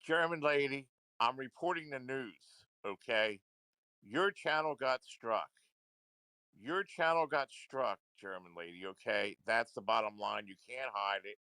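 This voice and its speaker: Confrontational man with a bright edge. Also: mid-range voice, a little slow, clear, resonant tone, dry recording. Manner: confrontational, repetitive, swears. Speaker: livestream commentator. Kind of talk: ranting livestream monologue.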